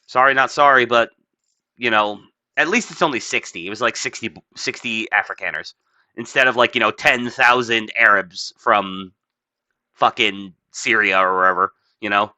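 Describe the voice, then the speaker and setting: Bright-voiced, rambling man on a podcast. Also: lowish voice, normal speed, dry recording. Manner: rambling, profane, many "like" fillers, laughs often. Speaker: podcast host. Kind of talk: casual opinionated podcast chat.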